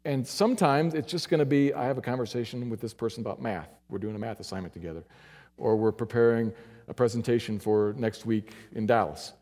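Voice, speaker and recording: A man preaching a sermon, earnest and emphatic, moving between loud urging passages and quiet, low ones. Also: fairly quick. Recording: long hall reverb.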